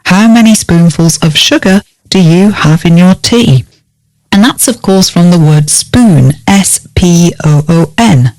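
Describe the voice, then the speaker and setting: Female teacher, lowish voice, dry close sound, measured and clear. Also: lively intonation, a little mellow, dry recording. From United Kingdom. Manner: spells words out letter by letter, clear and measured. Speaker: English teacher. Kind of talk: scripted vocabulary lesson.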